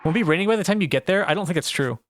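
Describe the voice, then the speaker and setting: A man's voice: sits high, animated, rapid-fire, a bit bright. A young man streaming a video game, talking to chat and getting frustrated, swearing and exclaiming at the game. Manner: talks back to chat. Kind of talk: live gameplay commentary.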